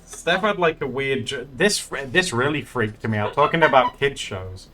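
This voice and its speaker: A man's voice: medium pitch, animated, moderate pace, pushed and bright, a little hiss or hum. A man chatting casually while streaming his art, rambling and laughing often. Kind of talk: casual live-stream chat.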